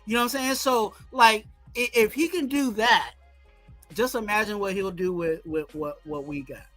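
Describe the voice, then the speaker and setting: A man in casual sports talk, excited and repeating "you know what I'm saying" as he breaks down his team's offense. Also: sits high, normal speed, soft background music. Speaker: podcast co-host.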